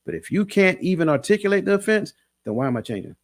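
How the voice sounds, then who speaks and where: A man who coaches, talking in a measured, emphatic way in a casual discussion and often repeating his words. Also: high voice, sing-song.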